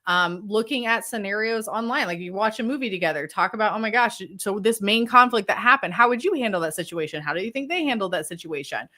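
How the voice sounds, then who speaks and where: A woman guest coach talks through parenting advice in an upbeat, casual way, peppering her sentences with "like." Her voice is bright and forceful, at a middle pitch. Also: expressive, fast, hardly any pauses. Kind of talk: conversational interview.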